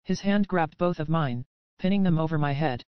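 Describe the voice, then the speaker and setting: Smooth-voiced woman audiobook narrator. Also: low voice, moderate pace, dry recording, highs cut off. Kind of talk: scripted first-person audiobook narration.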